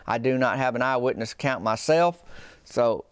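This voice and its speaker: A man's voice: mid-range voice, normal speed, smooth, dry recording. A man hosting a podcast, telling a comic story in a folksy, meandering, self-deprecating way. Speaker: podcast host.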